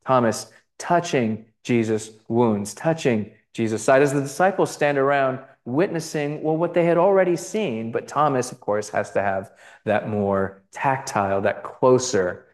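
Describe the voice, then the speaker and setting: A man giving a conversational lecture on gospel icons, full of fillers, restarts and asides. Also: medium pitch. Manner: conversational, many fillers and restarts, checks in with "right?". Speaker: Bible teacher.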